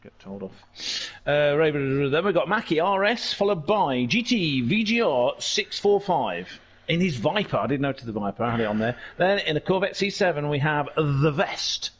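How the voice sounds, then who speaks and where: A man's voice: on the high side, lively intonation, normal speed, a little hiss or hum. A man chatting and joking casually while hosting an online race stream. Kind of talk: casual chat during online racing.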